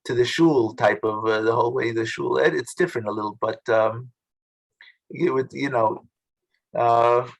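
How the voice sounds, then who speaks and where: A man leading a study group over a video call, talking in a casual, halting way with many restarts. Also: medium pitch, vocal fry, poor audio. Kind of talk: casual teaching talk.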